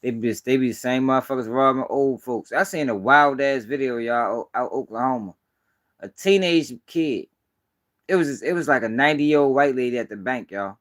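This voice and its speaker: A man from Baltimore giving blunt, profane street news commentary on a casual live stream. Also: mid-range voice. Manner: blunt, profane, emphatic ranting.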